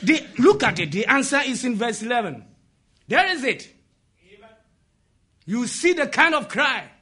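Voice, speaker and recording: High, bright-voiced impassioned preacher man. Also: very animated, normal speed, husky. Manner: impassioned preaching, calls out and asks the congregation questions; often shouts. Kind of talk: sermon.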